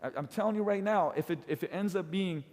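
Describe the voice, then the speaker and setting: Energetic man coaching in a hall. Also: fast talker. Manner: emphatic, swings pitch and loudness for effect, keeps asking "right?". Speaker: fitness coach teaching trainers. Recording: large hall with long reverb.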